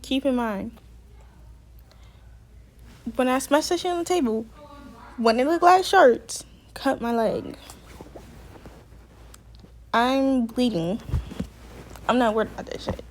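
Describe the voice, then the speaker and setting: A woman's voice: high voice, lively intonation, slow, long pauses, a little mellow, slight background noise. Young woman telling a heated story. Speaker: vlogger. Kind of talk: storytime vlog.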